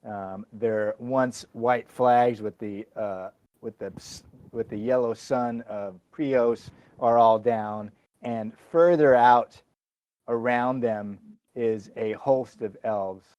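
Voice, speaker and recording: A man acting as game master, narrating a tabletop game in a halting way with fillers and chuckles. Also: medium pitch, fairly even intonation, a little mellow, no echo, dull audio.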